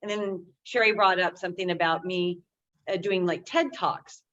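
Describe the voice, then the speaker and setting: A woman's voice: on the low side, fairly even intonation, normal speed, a bit bright. Rambling woman on lo-fi call audio. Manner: enthusiastic, rambling, many fillers. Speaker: group member on a call. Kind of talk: casual video call check-in. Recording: dull lo-fi call audio with faint noise.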